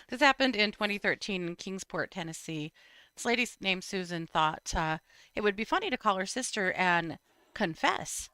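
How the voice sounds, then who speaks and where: A woman's voice: mid-range voice, pushed and bright, dry recording, studio quality. A woman co-hosting a casual true crime chat show, telling stories in a wry way. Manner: storytelling, wry, frequent "mm-hmm". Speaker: podcast co-host.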